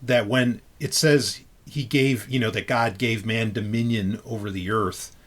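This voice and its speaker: A man's voice: on the low side, steady tone, measured pace, a bit bright. A man hosting a podcast in loose, casual chat, talking freely with frequent restarts and casual swearing. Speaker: podcast host.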